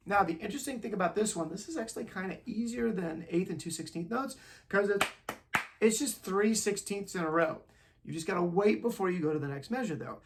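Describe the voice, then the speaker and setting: A male music teacher with a high, fairly quick and slightly bright voice records an online band lesson on his phone. Casual and encouraging, he chants counting syllables aloud to walk students through rhythms.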